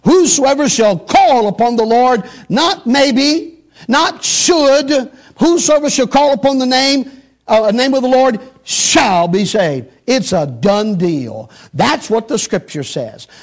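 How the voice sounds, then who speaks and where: A man's voice: extremely high pitch, lively intonation, slow pace. A middle-aged man preaching a sermon emphatically, repeating phrases for stress and climbing sharply on rhetorical questions.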